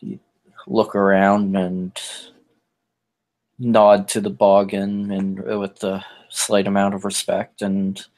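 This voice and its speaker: A man narrating his character in a tabletop game, halting and full of fillers. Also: low voice, darkish tone, low-quality recording. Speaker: player. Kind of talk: casual tabletop role-play narration.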